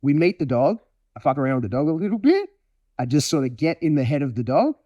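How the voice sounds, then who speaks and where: Profane, animated male dog trainer. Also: fairly high pitch, fast, no echo, muffled recording. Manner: animated, profane, acts out scenes. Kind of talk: casual conversational explanation.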